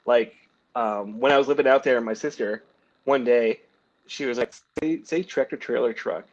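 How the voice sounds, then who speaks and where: A man's voice: mid-range voice, moderate pace, muffled recording. A man from New Jersey, a comic artist, chatting casually and jokingly as a guest, with loose fillers. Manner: laid-back, jokey, trails off with fillers. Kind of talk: casual chat.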